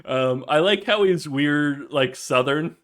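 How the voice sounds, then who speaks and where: A man's voice: fairly high pitch, takes it slowly, a bit bright. Man recapping an episode on a podcast. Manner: recaps scenes, quotes characters, laughs often. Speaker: podcast co-host. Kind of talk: casual chat.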